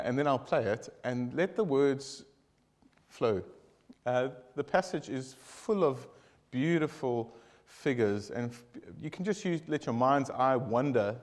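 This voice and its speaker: A man leading a group devotion, telling a long joke in a casual, rambling, animated way with many asides. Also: mid-range voice.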